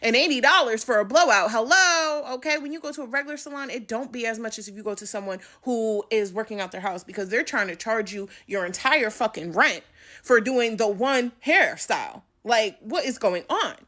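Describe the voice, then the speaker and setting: A woman's voice: on the high side, expressive, fairly quick, a bit bright. A woman ranting in a casual, profane, exasperated way. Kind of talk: casual rant.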